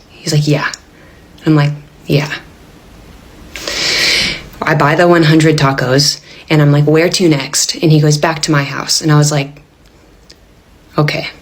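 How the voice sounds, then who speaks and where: A woman with a notably low voice tells a personal story straight to camera. Her delivery is casual and wry, with dry comic timing. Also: vocal fry, husky.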